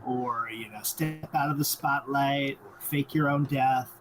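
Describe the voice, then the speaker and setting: A man's voice: medium pitch, steady tone, measured pace, noisy background. A man co-hosting a podcast in casual chat, agreeing readily and adding his own details to the story. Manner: agreeable, chimes in with short affirmations. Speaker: podcast co-host. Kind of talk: casual film commentary chat.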